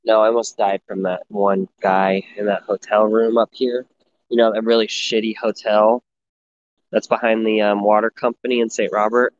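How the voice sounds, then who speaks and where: A man's voice: on the low side, flat delivery, moderate pace. Self-mocking young man telling stories. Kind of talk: casual crude chat. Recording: dull lo-fi sound, faint noise.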